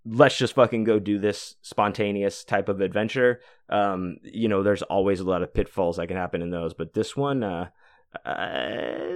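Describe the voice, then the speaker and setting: A man's voice: lowish voice, fairly even intonation, normal speed, dry recording, clean studio sound. Rambling, foul-mouthed podcast host, man. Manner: rambling, profane, many fillers. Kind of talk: casual storytelling monologue.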